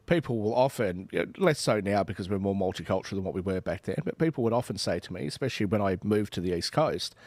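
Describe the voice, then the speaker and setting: A man's voice: fairly low pitch, expressive, quick pace, few pauses, a little mellow, no room sound. A man in his forties from Western Australia with an Australian accent, talking animatedly as a podcast panelist and acting out little exchanges in other voices. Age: 40s. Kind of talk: casual panel discussion.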